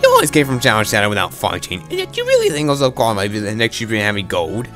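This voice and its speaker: A man voices a scornful, power-hungry woman who rants about her claim to a witch's title. The voice stays low but swings widely in pitch. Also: wildly swooping pitch, quick pace, fairly bright tone, faint music behind. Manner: scornful, ranting. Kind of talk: amateur fan voice acting.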